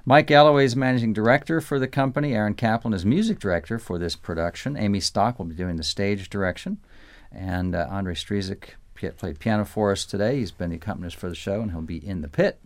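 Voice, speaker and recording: A man hosting a live local radio show, chatting easily with guests and reading announcements in a relaxed way. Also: lowish voice, quick pace, no echo. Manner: relaxed, chatty, easy laughs. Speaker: radio host. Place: radio studio. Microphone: studio microphone.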